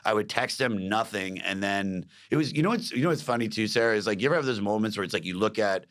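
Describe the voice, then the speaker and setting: A man's voice: fairly low pitch, quick pace, fairly bright tone. A man, a comedian, telling stories in a casual podcast chat, swearing freely and acting out what others said. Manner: swearing storyteller, acts out quotes. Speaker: comedian guest.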